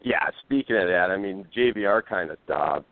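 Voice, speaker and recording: A friendly, chatty caller with a Detroit accent that leans Canadian. His voice is a bit low. It comes through a dry, tinny phone line. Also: lively intonation, moderate pace, dry recording. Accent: Detroit, Canadian-tinged. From Detroit area.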